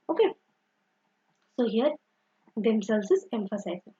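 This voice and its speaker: A woman's voice: on the high side, animated, measured pace, pauses often, mellow, breathy edge, dull audio. A woman teaching an online grammar lesson, explaining step by step and often saying "simple" and "okay".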